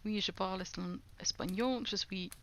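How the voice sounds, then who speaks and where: A woman's voice: medium pitch, brisk, a bit bright, a little hiss or hum. A woman streamer chatting casually while doing language lessons, repeating foreign phrases aloud and giggling often.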